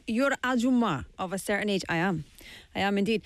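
A woman's voice: mid-range voice, lively intonation, fast, no echo. Chatty woman radio host, dry studio sound. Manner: chatty, playful, switching between English and Korean. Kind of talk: casual radio talk. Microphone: studio microphone.

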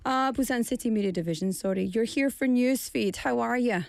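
A woman hosting a radio show in casual, playful chat, her voice a little hoarse from a sore throat, slipping in Korean phrases. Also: fairly high pitch, fairly quick, a little mellow, no echo, studio quality. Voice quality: slightly husky from a seasonal sore throat. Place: radio studio.

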